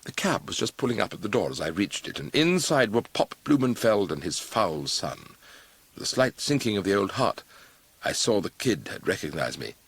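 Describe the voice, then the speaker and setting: A man narrating an audiobook in a lively, expressive way. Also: fairly low pitch, normal speed, creaky, husky, no echo.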